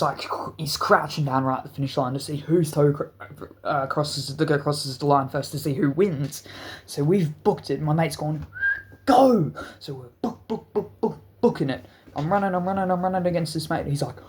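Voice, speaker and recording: A man's voice: on the high side, darkish tone. A man telling a wild story in a rambling, profane, casual way, full of restarts.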